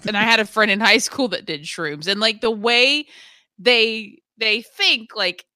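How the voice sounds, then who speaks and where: Lady podcast cohost, excitable, bright voice, super dry close mic. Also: on the high side, dry recording. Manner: excitable, laughing, quick interjections. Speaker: podcast co-host. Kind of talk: casual chat.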